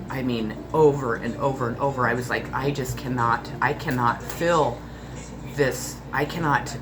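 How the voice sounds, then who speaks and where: Low-voiced woman in her forties, emotional. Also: background noise. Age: 40s. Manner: emotional, rambling, repetitive. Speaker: spiritual channel host. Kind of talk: personal vlog confession.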